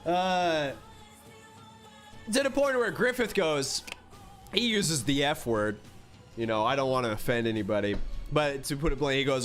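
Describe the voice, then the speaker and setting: A man recapping a manga story in a casual, rambling, animated way with many filler words. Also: medium pitch, moderate pace, long pauses, faint music behind. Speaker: manga reviewer.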